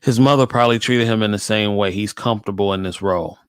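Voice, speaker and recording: A man's voice: fairly low pitch, smooth, no room sound. Laid-back male host, dry close mic, casual reaction talk. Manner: laid-back, drawn-out remarks, says "man" often.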